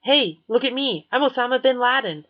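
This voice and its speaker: A woman doing a loud mocking teen boy. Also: fairly high pitch, lively intonation, moderate pace, voice pushed up, natural voice. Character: teen boy, cocky prankster. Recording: dull lo-fi recording.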